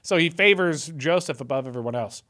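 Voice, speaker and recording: Chatty, irreverent young man, slightly high voice. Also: lively intonation, a little fast, bright, forceful tone. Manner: chatty and irreverent, with sarcastic asides. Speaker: video host retelling Bible stories. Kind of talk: casual commentary.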